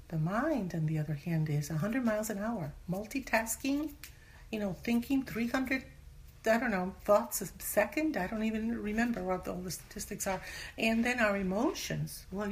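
A woman giving a casual Bible teaching in conversation, earnest, sometimes dropping to a whisper for emphasis. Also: medium pitch. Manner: acts out everyday voices when quoting. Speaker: Christian teacher.

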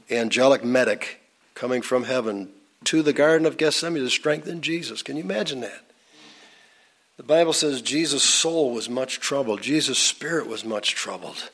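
A man at an ordinary middle pitch leads an informal Bible teaching, chatting through it in a folksy way. He drops in asides and fillers, then suddenly lifts his voice to stress a name or a point. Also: fairly bright tone. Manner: folksy and conversational, with pitch jumping up for emphasis.

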